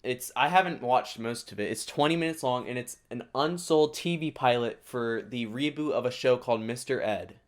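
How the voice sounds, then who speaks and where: A man hosting a reaction video, giving casual comedic commentary with excitable, sarcastic asides. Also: mid-range voice, moderate pace, few pauses.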